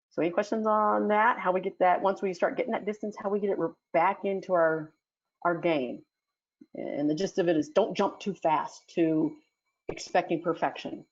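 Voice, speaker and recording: A dog sport instructor, this woman gives a relaxed, chatty teaching talk in an audio chat room, peppered with fillers and restarts. Her voice is lowish and the sound is lo-fi.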